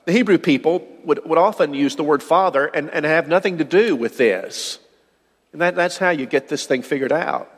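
A man's voice: fairly high pitch, normal speed, long reverb tail. A man preaching a sermon, earnest and given to repeating words as he builds a point.

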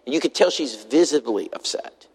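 A man preaching a sermon in a church, telling a story in an animated way and acting out the people he quotes. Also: mid-range voice, moderate pace, slightly rough. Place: church sanctuary. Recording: long hall reverb in a church.

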